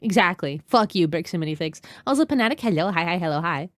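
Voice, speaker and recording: A woman's voice: fairly low pitch, big pitch swings, fairly quick, few pauses, no echo. Fired-up young woman streamer, dry sound. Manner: heated, swearing, greets chat by name. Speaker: streamer reacting to a video. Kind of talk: casual live-stream reaction.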